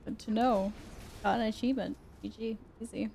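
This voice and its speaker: A woman's voice: a little high, steady tone, moderate pace, creaky, warm tone, slight background noise. A young woman streaming a video game live, chatting with her viewers in an exasperated, self-mocking way. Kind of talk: live gaming stream chat.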